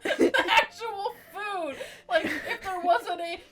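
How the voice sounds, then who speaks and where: High giggly woman teasing her co-host. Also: slow pace, background noise. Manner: giggly, teasing, swears casually. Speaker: podcast co-host. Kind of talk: comedic commentary.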